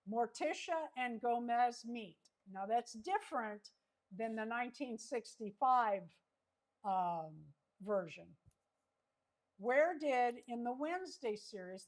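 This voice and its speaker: A woman hosting a livestream trivia chat, reading each question slowly and repeating it. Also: a little high. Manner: slow, reads questions twice. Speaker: host.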